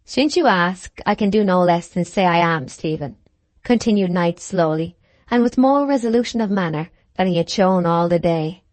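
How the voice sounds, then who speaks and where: Read by a woman, a composed older gentleman who talks slowly and with firm decision, sounding faintly superior. His lines land with calm authority in a dry, close audiobook recording. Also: high voice, no room sound. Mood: resolute. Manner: slow, resolute, supercilious.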